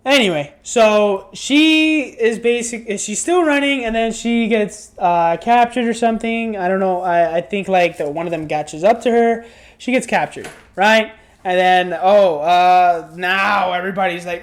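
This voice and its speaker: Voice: medium pitch, takes it slowly. A tired, yawning reviewer talking through a casual spoken review in a rambling, exasperated way, with many restarts. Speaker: show reviewer.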